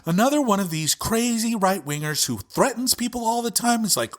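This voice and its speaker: A man's voice: sits high, sing-song, a little fast, few pauses. A male podcast host giving an impassioned, profane political rant with heavy emphasis.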